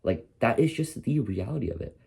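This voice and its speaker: A man's voice: mid-range voice, animated, brisk, vocal fry, a little mellow, breathy edge. A man of twenty, a content creator, talking in a casual, profane, rambling way in a motivational vlog while he is groggy and tired. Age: 20s.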